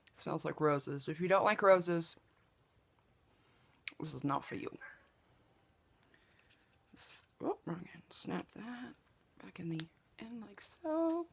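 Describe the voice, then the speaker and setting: This low, gravelly, expressive voice moves slowly and pauses often. The speaker, a beauty vlogger from Southeast Oklahoma, US, chats through a casual makeup tutorial at her home makeup table with the window open. Joking at her own expense, she lowers to a whisper as she applies products.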